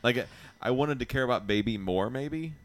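A man's voice: mid-range voice, expressive, normal speed. A man hosting a podcast in casual chat, rambling through a ranked list with frequent laughs and restarts. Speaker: podcast host.

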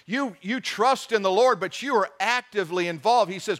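High-voiced man preaching a sermon. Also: animated, moderate pace, few pauses, a bit bright. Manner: emphatic preaching, reads scripture aloud, asks the congregation questions. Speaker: pastor.

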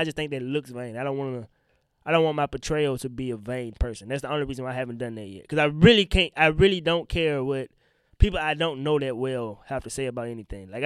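A man's voice: a little high, clean tone, dry recording, studio quality. A young man hosting his own podcast, ranting bluntly and profanely in a rambling way, a little congested from allergies. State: sick, congested from pollen. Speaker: podcast host and stand-up comedian. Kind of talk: solo podcast rant.

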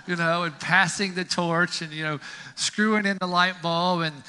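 A male pastor preaches in a folksy, conversational way, leaning on casual fillers. His voice is very bright and a little high. It carries the long reverb of a church sanctuary. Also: fairly even intonation, normal speed, clear, resonant tone. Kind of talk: sermon.

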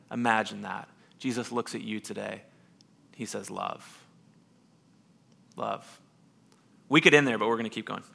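A man pastor preaching a sermon, dropping to soft hushed lines and rising to loud emphatic bursts. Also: mid-range voice, creaky.

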